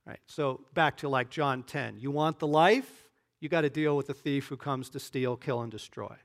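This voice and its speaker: A male pastor preaching a conversational sermon, often checking in with "right?" and "okay?" and rising into animated bursts. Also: mid-range voice, moderate pace, vocal fry.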